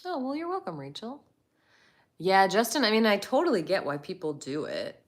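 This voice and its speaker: A woman's voice: medium pitch, very animated, normal speed. A woman hosting a casual live chat, greeting viewers by name and laughing often as she talks. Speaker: livestream host.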